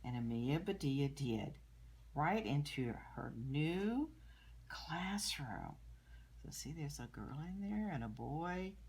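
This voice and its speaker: An older woman, a grandmother, reading a picture book aloud to children and gently explaining the pictures, with soft murmured asides. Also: deep voice, animated, slow pace, breathy edge. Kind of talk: storybook read-aloud with commentary.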